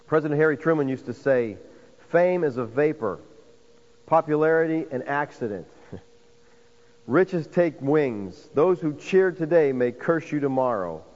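A man's voice: fairly high pitch, animated, unhurried. A man preaching a sermon as pastor, calling his listeners "folks" and building to emphatic points. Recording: dull sound with long hall reverb.

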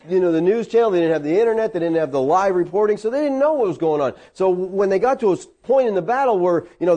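A man preaching a conversational sermon, teaching a class and putting questions to them. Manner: animated, swings between high and low pitch. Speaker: pastor.

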